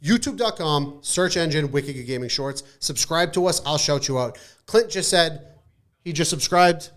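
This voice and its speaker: Loud, profane podcast host man. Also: a little high, lively intonation, normal speed. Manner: loud, profane, mock-angry hype. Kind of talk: casual podcast sign-off.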